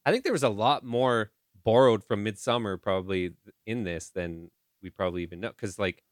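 A man's voice: fairly low pitch, a little fast, dry recording, clean studio sound. A man co-hosting a podcast in casual chat, laid-back and swearing freely, trailing off often. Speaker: podcast co-host.

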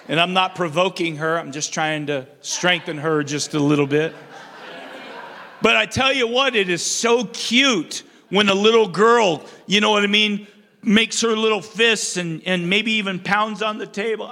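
A bright, high-pitched older man preaches to his congregation, drawing call-and-response from the pews and circling back over his words as he builds each point. His voice rings out with a long church-hall reverb trailing behind it. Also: moderate pace. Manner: call-and-response preaching, repeats and restarts phrases. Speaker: pastor. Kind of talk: sermon. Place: church sanctuary.

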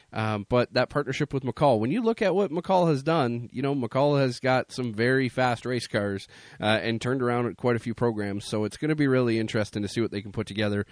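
A man's voice: medium pitch, dry recording. A man co-hosting a motorsport radio show, giving rambling analysis full of "you know.". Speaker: radio co-host.

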